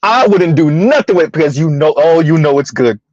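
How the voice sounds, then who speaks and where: A man's voice: fairly high pitch, expressive, fairly quick, darkish tone, no room sound. A man hosting a casual livestream, chatting with viewers, laughing often and stumbling over repeated words. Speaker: livestream host. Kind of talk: casual livestream commentary reading chat. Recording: dull lo-fi dry sound.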